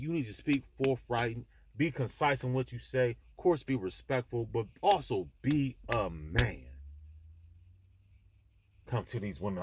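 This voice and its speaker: This vlog host is a man with a voice on the low side, recorded with a little hiss or hum. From an airport, he delivers a blunt, preachy, emphatic monologue straight to the camera, impassioned and full of restarts.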